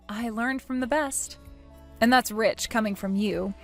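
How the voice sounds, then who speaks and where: A woman's voice: fairly high pitch, measured pace, no echo, soft background music. A woman narrating a first-person story in a cool, dry, sarcastic and composed manner.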